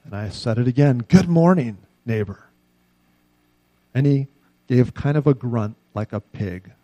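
A man's voice: medium pitch, unhurried, warm tone, no room sound, lo-fi sound, natural voice. A man voicing an earnest, repentant landowner retelling his own story, raised and eager in tone.

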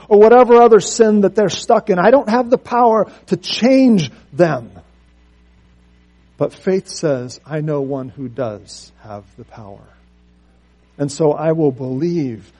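A man's voice: sits high, mellow, breathy edge. A man preaching a sermon, earnest and story-driven, often repeating words as he restarts.

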